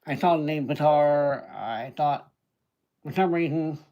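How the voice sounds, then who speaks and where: A man hosting a casual livestream, chatting and greeting viewers by name, with hesitant fillers and frequent throat-clearing. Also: on the high side, measured pace, dull audio. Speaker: livestream host.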